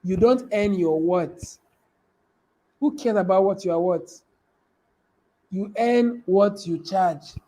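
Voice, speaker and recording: A man's voice: sits high, slow, pauses often, mellow, low-quality recording. A man giving a live motivational business talk, repeating key phrases and asking his audience questions. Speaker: business coach.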